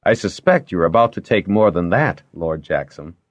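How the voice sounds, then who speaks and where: A man reading aloud and voicing a placid, dryly wry older lord who speaks in a calm, measured way. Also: low-pitched, dry recording, muffled recording.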